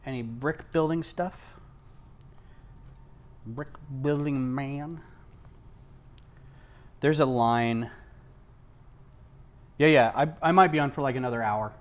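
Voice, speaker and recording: A man hosting a casual livestream from home, rambling onto tangents, losing his thread and filling pauses with ums. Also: medium pitch. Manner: frequent ums and restarts. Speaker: livestream host. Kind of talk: casual chat while building.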